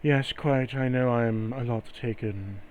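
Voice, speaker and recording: A scornful, haughty sea goddess who mocks everyone she meets, played by a man running a tabletop game. Her voice sits at an ordinary middle pitch and drips with sarcasm. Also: a little slow, a little mellow, lo-fi sound, a little hiss or hum, close to an everyday voice. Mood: mocking. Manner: sarcastic, mocking.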